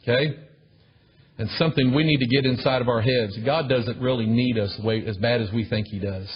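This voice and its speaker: A man preaching a sermon to a congregation in an emphatic, repetitive way, often calling out for amens, in a husky voice. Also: medium pitch, fairly even intonation, a little fast. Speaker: pastor. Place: church with a congregation. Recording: dull lo-fi recording.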